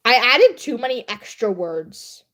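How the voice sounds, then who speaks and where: Chatty young woman, lively pitch. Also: a little slow. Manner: self-deprecating, chatty, laughs often. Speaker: livestreamer and writer. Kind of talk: casual live-stream chat while editing writing.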